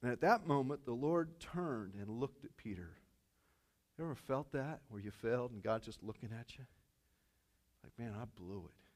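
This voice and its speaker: A male pastor preaching a sermon in an animated way, acting out dialogue and often restarting his sentences. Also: mid-range voice, moderate pace.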